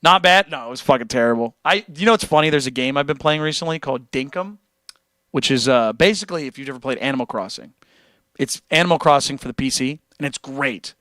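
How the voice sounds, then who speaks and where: A man hosting a livestream who chats casually with his viewers and reads out their comments. He talks in an animated, joking way and swears freely. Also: mid-range voice, fast talker, no room sound, clean studio sound. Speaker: livestream host and guitarist.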